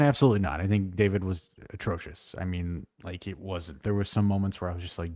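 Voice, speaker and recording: A man co-hosting a casual football live stream, blunt and animated, swearing freely as he tells stories. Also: deep voice, a little fast, few pauses, no echo, clean studio sound. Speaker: co-host.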